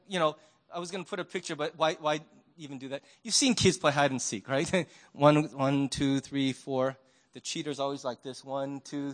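A man's voice: fairly high pitch, a bit bright. A man preaching a conversational sermon, telling stories and asking rhetorical questions. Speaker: pastor.

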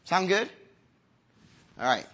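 A man in his fifties preaching a sermon to a congregation, earnest and conversational, moving from quiet, slow lines to emphatic ones. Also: sits high, big pitch swings. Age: 50s. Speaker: pastor.

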